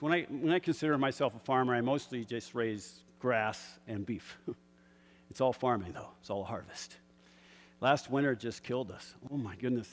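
A man preaching a sermon, moving between quiet personal reflection and loud, fervent storytelling with bursts of laughter. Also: mid-range voice, long reverb tail. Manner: builds from soft reflection to shouted fervor, with laughs.

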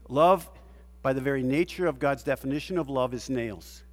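A man preaching a sermon as a pastor, asking rhetorical questions and swinging between loud emphasis and hushed, quiet passages. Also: mid-range voice, normal speed, long reverb tail.

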